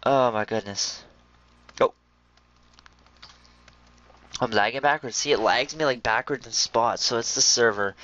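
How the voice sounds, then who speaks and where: An excitable young man talks through his game, chatting straight to his viewers. His voice sits at an ordinary pitch and comes through a slightly dull, lo-fi mic. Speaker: gameplay commentator. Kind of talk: casual gaming commentary.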